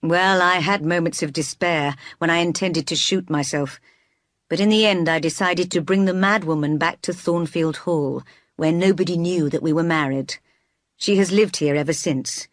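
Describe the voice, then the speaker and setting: An impassioned, brooding gentleman, master of a great house, read by a woman narrator. He pleads and presses hard in an audiobook reading, pitched slightly low. The sound is dry and close, with no room around it. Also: normal speed, no room sound, natural voice. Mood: confessional. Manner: pleading and impassioned, sometimes forceful.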